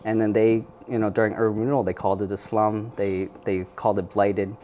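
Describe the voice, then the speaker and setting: Male interview guest, low pitch, measured and thoughtful, many fillers, faint background hiss. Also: little pitch movement, dark tone. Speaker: community organizer guest. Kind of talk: news interview.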